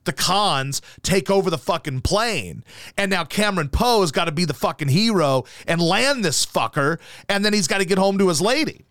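A man hosting a casual talk show, telling rambling, profane stories packed with fillers. His slightly high voice swings widely in pitch. The sound is close and dry. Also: expressive, normal speed, fairly bright tone, no echo. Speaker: show host. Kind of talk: casual chat.

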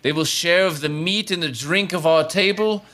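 A man's voice: a little high, moderate pace, sharp tone. A man doing a stern, weary mercenary master. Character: busy gruff male college master Nisby.

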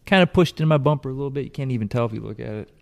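A man chatting casually as a co-host, telling a lively story, swearing freely and acting out what people said. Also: mid-range voice, very fast, gravelly. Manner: animated storyteller, swears freely, acts out quotes. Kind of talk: casual chat.

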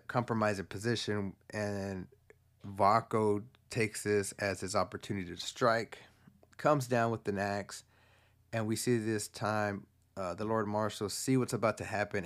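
A man casually recapping a movie plot in a rambling, profane way, full of fillers and restarts. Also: lowish voice. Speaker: movie fan recapping a film.

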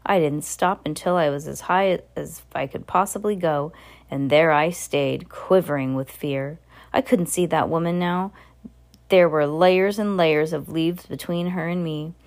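A woman reading a children's novel aloud with expressive storytelling. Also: deep voice, a little slow. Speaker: reader.

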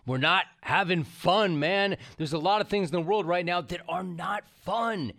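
A man hosting a podcast, effusive and casual, praising his guest warmly. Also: sits high, moderate pace, vocal fry. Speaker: podcast host. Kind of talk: enthusiastic interview.

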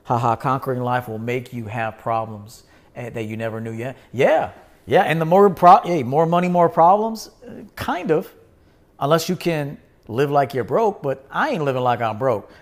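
His pitch is medium, his intonation lively, and his pace moderate. Hosting his own program, he rants casually on a livestream, forceful and profane, hammering points through repetition.

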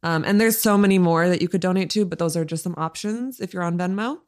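A woman's voice: lowish voice, fast talker. An American woman co-hosting a podcast in casual chat, talking loosely with lots of fillers and frequent laughter. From United States. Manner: chatty, laughs often, many fillers. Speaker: podcast co-host.

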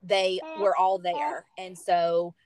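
A young woman telling a personal story as a podcast guest, chatty and animated with lots of fillers. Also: fairly low pitch, slow pace, crowd noise. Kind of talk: casual storytelling.

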